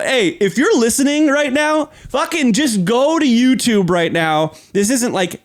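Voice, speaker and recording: A man's voice: extremely high pitch, animated, unhurried, hardly any pauses. A man co-hosting a podcast, telling a story in casual chat, acting out voices, swearing and laughing often. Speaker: podcast co-host.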